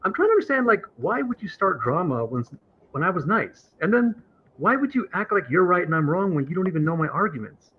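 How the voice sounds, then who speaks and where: An aggrieved man argues on a live stream, lecturing and indignant. His pitch swings widely and his voice is a little husky. The audio is dull and lo-fi. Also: big pitch swings, fairly quick. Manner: aggrieved, lecturing, imitates others in higher voice. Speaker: caller on a streamed talk show. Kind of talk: heated debate on a live stream.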